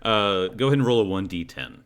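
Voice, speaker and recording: A man's voice: lowish voice, expressive, a little fast, a bit bright, smooth. A man running a tabletop role-playing game as game master, talking with many fillers and restarts. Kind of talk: guiding character creation in a tabletop game.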